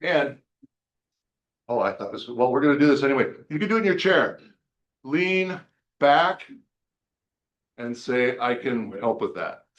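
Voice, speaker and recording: A man leading a team workshop in a meeting room, joking and energetic as he runs practice drills. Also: medium pitch, a little slow, long pauses, dull audio. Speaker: team leader coaching agents. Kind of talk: workshop coaching talk.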